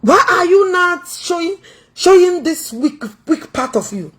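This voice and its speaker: Speaking at normal speed in a high-pitched voice, with a little hiss or hum, this online commentator mocks and scolds her target. She's a Nigerian woman with an Igbo accent, loud, teasing and confrontational, mixing Igbo, English and Pidgin.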